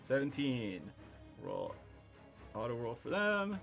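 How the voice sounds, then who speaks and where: Lively, unhurried male game master. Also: mid-range voice, creaky, soft background music. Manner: easygoing, laughs often while narrating. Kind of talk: narrating a tabletop game. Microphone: online voice chat microphone.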